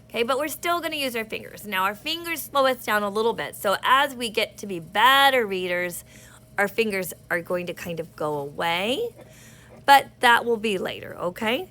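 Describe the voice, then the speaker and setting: A woman teaching an early reading lesson, slowly sounding out words for young children. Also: mid-range voice, expressive, pushed and bright. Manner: slow, patient, sounding out words, speaks to kids.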